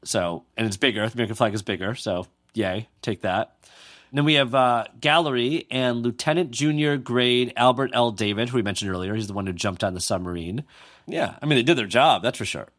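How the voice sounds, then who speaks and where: A man hosts a podcast and tells a history story in easy, conversational tones. He reads quotes aloud and drops playful jokes along the way. His voice sits at an ordinary middle pitch. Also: fairly quick, fairly bright tone, dry recording, studio quality. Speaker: podcast host. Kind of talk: casual storytelling chat.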